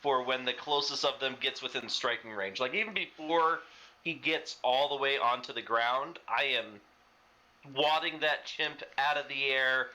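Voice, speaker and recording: A man's voice: medium pitch, normal speed, bright, forceful tone, a little hiss or hum, low-quality recording. A man playing a tabletop game, thinking his moves through aloud. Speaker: player. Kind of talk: casual tabletop game play.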